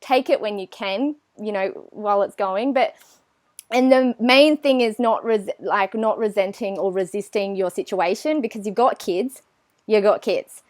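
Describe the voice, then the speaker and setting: A woman's voice: medium pitch, a little slow, darkish tone, no room sound. A woman, chatting animatedly as an interview guest and acting out her own thoughts. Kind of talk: casual interview chat.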